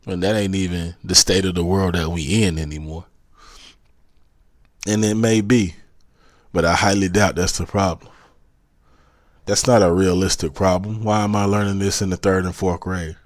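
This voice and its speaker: A podcast host from South Carolina speaks with a Southern accent, delivering a preachy motivational monologue that keeps circling back to the same urgings. His deep voice holds a steady tone at a moderate pace with long pauses, recorded in studio quality with no room sound.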